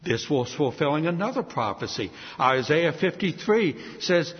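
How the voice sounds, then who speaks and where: Male preacher, lively swooping intonation, emphatic sermon delivery, lo-fi hall recording. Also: fairly high pitch. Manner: emphatic, dramatic preaching with slow stressed repetitions. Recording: reverberant hall, dull lo-fi sound.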